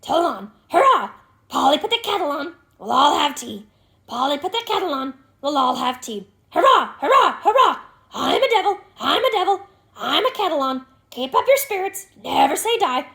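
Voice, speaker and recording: A woman voicing a mischievous talking pet raven with loud squawking cries, in a storybook reading. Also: high-pitched, sing-song, moderate pace, vocal fry, pitched above the performer's own voice, heavily acted. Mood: excited squawking.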